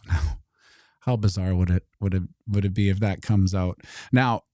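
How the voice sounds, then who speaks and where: Low, mellow man with sarcastic commentary. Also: fairly even intonation, dry recording, studio quality. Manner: sarcastic, acts out mock dialogues in quick voices. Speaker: host. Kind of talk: casual commentary monologue.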